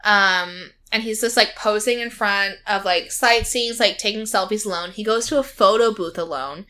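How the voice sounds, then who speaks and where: A woman's voice: medium pitch, normal speed, pushed and bright. A woman in casual chat, animatedly retelling a reality show to a friend, quoting its people and laughing often. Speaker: podcast co-host recapping a reality show.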